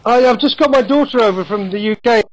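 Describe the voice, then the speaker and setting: A man in his fifties from England, chatting about football over a video call, opinionated and quick with asides. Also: extremely high pitch, no echo, low-quality recording. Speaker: football commentator guest.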